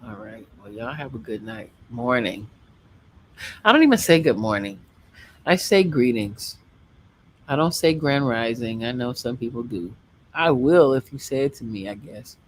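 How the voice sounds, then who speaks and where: A man's voice: medium pitch, lively intonation, normal speed, a little hiss or hum. A man chatting casually as a guest on a late-night livestream, rambling through loose sign-offs and talking to his viewers. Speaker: livestream guest and show host.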